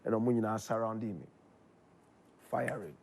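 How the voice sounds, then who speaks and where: A man with a Ghanaian accent telling his story in casual chat, animated, his voice jumping up when excited. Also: on the low side, a little slow, creaky. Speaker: guest.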